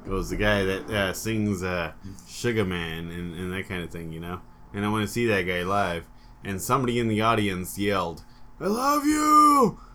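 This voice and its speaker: A man co-hosting a comedy podcast, loud and profane, slipping into mock rants and silly voices. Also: low voice, fairly even intonation, moderate pace, slight background noise. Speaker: podcast co-host. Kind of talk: crude comedic podcast banter.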